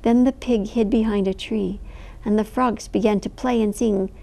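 A woman storyteller reading a picture book aloud, expressive and animated, with sound effects. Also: mid-range voice, normal speed, gravelly.

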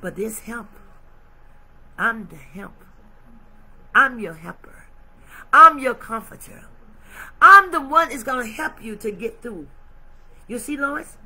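A woman preacher voicing God as a gentle, reassuring Lord speaking to her. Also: on the low side, very slow, pauses often, slightly rough, pitched below the performer's own voice, full character voice. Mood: tender reassurance. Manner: soft, tender, reassuring. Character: God, a gentle low-voiced male Lord.

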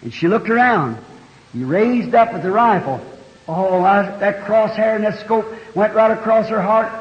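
A man's voice: high voice, moderate pace. A man preaching a sermon, telling a story in a folksy country way with plain homespun grammar. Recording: dull, echoey 1960 hall recording.

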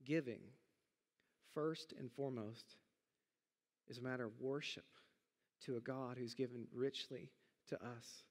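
A middle-aged man preaching a sermon as pastor, talking in a conversational, animated way with big jumps in pitch. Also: big-room sound. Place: church sanctuary.

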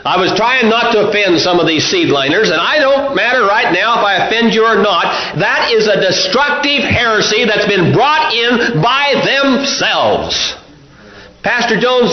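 A male pastor preaching a sermon, mixing folksy stories with forceful preaching. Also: high-pitched. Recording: roomy, dull lo-fi recording.

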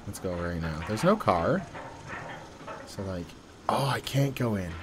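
A man giving casual, joking commentary while playing a horror game. He reads on-screen text aloud and swings between quiet muttering and loud yelps. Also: fairly low pitch, big pitch swings, measured pace, background noise. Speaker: let's play gamer.

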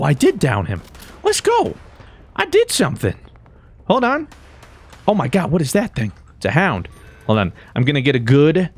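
A man doing let's play commentary, excitable and jokey, switching between mumbled asides and high-pitched yelps. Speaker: gaming YouTuber.

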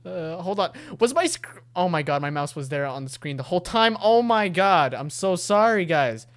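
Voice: medium pitch, animated, normal speed, low-quality recording. A gamer commenting on a horror game, stammering and poking fun at themselves while reading every character's lines aloud. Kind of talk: let's play commentary. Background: game music.

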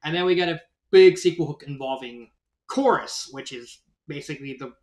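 A man's voice: a little high, normal speed, darkish tone, echoey room. A man giving a casual spoken review of a fan story, rambling and often correcting himself mid-sentence. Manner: rambling, self-correcting, lots of "like".

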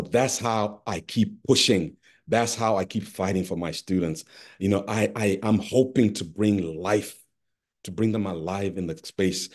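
Deep husky-voiced man giving an expressive keynote. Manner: expressive, addresses listeners by name. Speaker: keynote speaker. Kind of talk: conference keynote speech. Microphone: video call.

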